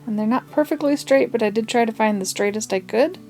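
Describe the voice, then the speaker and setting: A woman talks through a craft project in a loose, chatty way, drifting into asides and small laughs. Her voice has a gravelly fry to it, and faint guitar music plays softly behind her. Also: on the high side, fast. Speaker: craft tutorial host. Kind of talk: casual craft tutorial.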